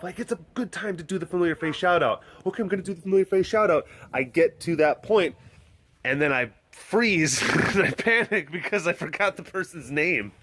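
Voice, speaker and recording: A talkative man rambles on cheerfully while strolling around an outdoor animal compound. His voice sits a little high and swings widely in pitch. A faint hiss of outdoor noise sits under him. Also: a bit bright. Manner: playful, goofy and talkative, coaxing animals in a high voice. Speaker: big cat sanctuary vlogger. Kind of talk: casual outdoor walking vlog.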